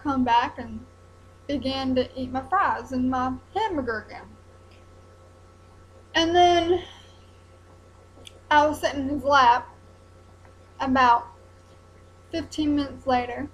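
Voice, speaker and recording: A young woman, talking haltingly in a personal vlog while close to tears. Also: high voice, low-quality recording. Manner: hesitant, halting, many ums and restarts.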